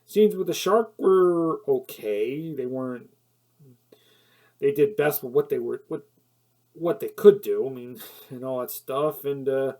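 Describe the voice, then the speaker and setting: A man with a dark-toned, mid-range voice gives a casual spoken film review. He rambles with many fillers and self-corrections, sometimes laughs at his own points, and gets heated when annoyed.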